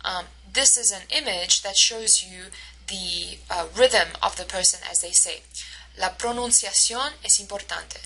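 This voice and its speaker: A woman instructor giving a recorded lecture over slides, explaining patiently and slowing down to model the stressed words. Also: on the low side, sharp tone, rough recording. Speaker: university instructor.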